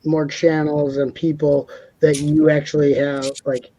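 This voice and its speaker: A man's voice: on the high side, level tone, a little slow, mellow, no echo, low-quality recording. A man co-hosting a casual live stream panel, talking in a rambling way, repeating words and laughing often.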